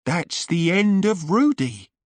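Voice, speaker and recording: A man's voice: sits high, sing-song, slow pace, no room sound, voice pushed up, full character voice. A man doing Buck, a bold heroic weasel. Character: bold male weasel adventurer.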